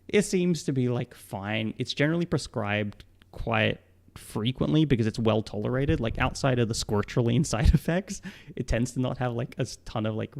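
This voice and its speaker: A man's voice: medium pitch, gravelly. A young man with a mixed Australian and British accent, a psychologist answering questions on a casual live stream, rambling with lots of fillers and laughing often.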